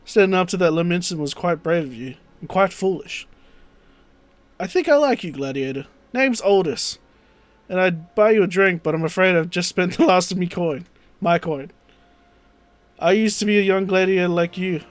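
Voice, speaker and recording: A man's voice: high-pitched, moderate pace, no room sound, close to an everyday voice. A man voicing a charming, roguish former gladiator turned explorer in a game playthrough.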